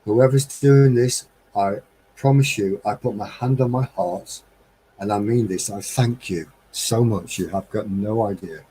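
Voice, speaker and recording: A man's voice: on the low side, a little slow, dark tone, slight background noise, rough recording. A man hosting a casual live-stream chat from a home setup, talking in a rambling, chatty way and chuckling often. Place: home studio with green screen.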